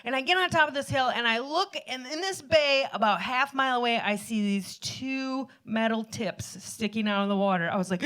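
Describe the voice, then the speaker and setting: A woman's voice: fairly high pitch, fairly bright tone. A woman telling a rambling, self-deprecating comic story on stage at a live show. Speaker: storyteller performer.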